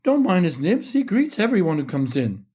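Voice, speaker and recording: A man's voice: high voice, big pitch swings, normal speed, warm tone, husky, pitched above the performer's own voice, full character voice. A man reading the lines of a friendly middle-aged woman who runs a pet shop.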